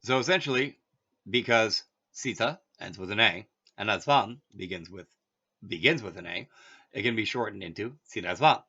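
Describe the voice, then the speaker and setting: A man's voice: fairly low pitch, normal speed, pushed and bright, husky. A man teaching a language lesson, reading the text aloud and breaking off for offhand asides. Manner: reads text then adds offhand asides. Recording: dull lo-fi audio.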